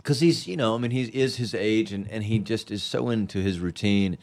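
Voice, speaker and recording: Low-voiced, halting male podcast guest. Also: a little mellow. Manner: rambling, halting, many restarts and fillers. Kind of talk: casual chat.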